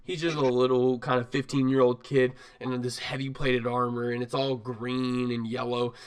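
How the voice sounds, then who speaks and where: A man narrating as game master of a tabletop game, animated and rambling, laughing often. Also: medium pitch, normal speed, clear, resonant tone.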